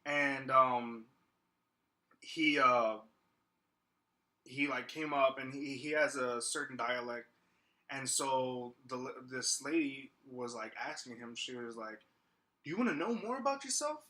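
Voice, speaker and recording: Bright-voiced young man telling a rambling story. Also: mid-range voice, steady tone, slow. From Texas, USA. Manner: rambling storyteller, many fillers and restarts. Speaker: podcast co-host. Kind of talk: casual podcast chat.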